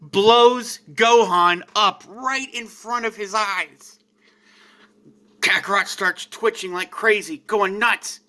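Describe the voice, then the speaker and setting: A man's voice: high voice, fairly even intonation, takes it slowly, bright, forceful tone. A man casually narrating a fan-made anime story in an emphatic, slangy way.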